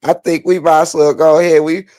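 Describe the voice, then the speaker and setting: A man's voice: a little high, little pitch movement, fairly quick, warm tone, no echo. A man hosting a casual recap for viewers, laughing so hard he cries and calling everyone "child" and "baby". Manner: laughing hard, crying with laughter, drawling Southern slang. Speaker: host.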